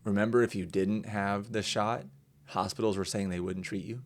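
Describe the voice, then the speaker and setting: Animated young man in casual chat. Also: fairly low pitch, normal speed. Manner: animated, acts out quotes in raised voices, swears casually. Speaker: podcast host.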